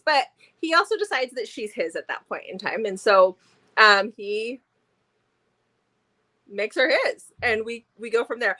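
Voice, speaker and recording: A woman's voice: a little high, pushed and bright. A woman co-hosting a casual book review chat, enthusiastic and chatty, with plenty of fillers.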